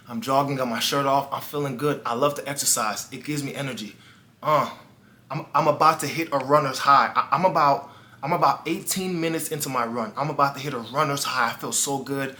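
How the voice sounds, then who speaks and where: A man coaching his viewers through a personal story, earnest and direct. His voice is bright and forward, sitting at an ordinary middle pitch. He slips into the voices of the people in the story as he tells it. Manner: earnest, talks straight to the viewer, acts out dialogue. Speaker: life coach. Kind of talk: motivational storytelling monologue.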